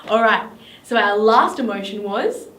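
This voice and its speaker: She has a sharp tone, medium pitch, and a slightly slow pace: an Australian woman leading kids in a drama lesson, sounding like an encouraging, sing-song teacher. Expect faint noise, a distant mic, and an echoey space.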